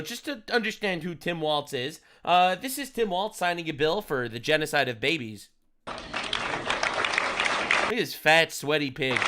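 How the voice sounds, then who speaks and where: A man's voice: fairly high pitch, sharp tone. A man streaming commentary over video clips, crude, heated and sarcastic in his delivery.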